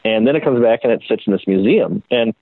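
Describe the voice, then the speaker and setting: A man's voice: medium pitch, fast talker, no echo. Man, bike builder, swears casually, self-deprecating storyteller, dry tinny phone-like sound. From Minneapolis area. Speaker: custom bike builder, guest.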